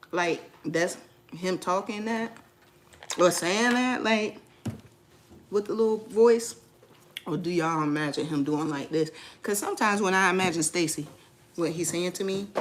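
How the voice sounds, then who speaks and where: Woman vlogger, teasing live-chat talk, lowish voice, faint noise behind. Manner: playful, teasing, laughs often. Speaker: vlogger chatting with live viewers. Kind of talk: casual live-stream chat.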